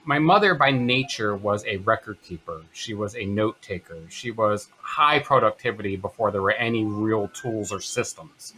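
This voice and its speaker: A man in his fifties, an interview guest telling a personal story in an earnest, halting way. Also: fairly low pitch, pushed and bright, slight background noise. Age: 50s. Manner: earnest, halting, many fillers and restarts.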